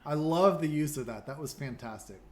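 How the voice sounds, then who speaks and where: A man narrating as dungeon master, describing the scene in a relaxed, halting way. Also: fairly high pitch. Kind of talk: narrating a tabletop game.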